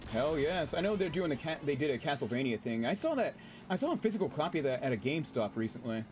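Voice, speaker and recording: A man streaming a game, chatting casually with his audience in an excitable, chatty way and swearing freely. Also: fairly high pitch, fast, a little hiss or hum. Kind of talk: casual gameplay commentary.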